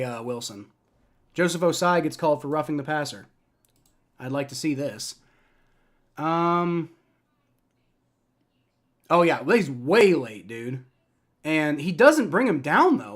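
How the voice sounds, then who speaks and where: A man's voice: on the high side, expressive, a little slow, long pauses. A young man hosting a live play-by-play reaction stream, ranting and swearing in frustration as a fan. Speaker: livestream reaction host.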